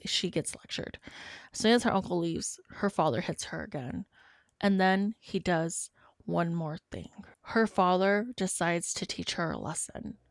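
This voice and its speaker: Female podcast host, earnest measured storyteller, low register with fry. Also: no room sound, clean studio sound. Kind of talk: storytelling narration.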